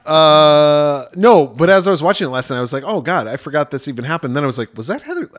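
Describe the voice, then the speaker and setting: A man co-hosting a film podcast, recapping scenes in a profane, animated way with quick voiced asides. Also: fairly high pitch, dry recording, studio quality. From New York. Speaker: podcast co-host. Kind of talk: casual film-discussion chat.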